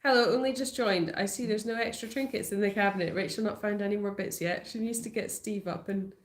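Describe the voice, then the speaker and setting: A woman's voice: medium pitch, fairly even intonation, brisk. Teasing woman co-host, reads viewer comments, echoey room. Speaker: sanctuary co-host. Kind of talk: playful live-stream chat.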